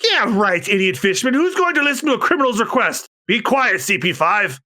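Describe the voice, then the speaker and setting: A shrill, arrogant government agent jeers loudly, as a man puts him on. The voice goes high and bright and swings all over the place. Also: sing-song, a little fast, heavily acted. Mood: sneering. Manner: loud, shrill and mocking. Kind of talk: dramatic manga read-aloud.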